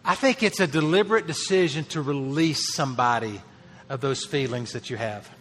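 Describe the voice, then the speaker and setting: A man's voice: medium pitch, normal speed, a bit bright, in a large hall, slight background noise. A man preaching a sermon as a pastor, earnest, lifting his voice to stress key phrases.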